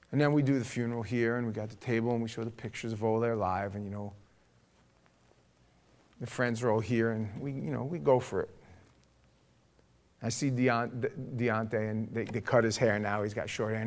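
A pastor, telling a story in a sermon, acting out the people in it and building to a forceful charge. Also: male voice, medium pitch. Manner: conversational, acts out dialogue, rising to forceful exhortation.

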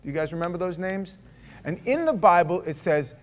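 A pastor preaching a sermon in an animated, conversational storytelling way. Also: male voice, high voice, a little fast.

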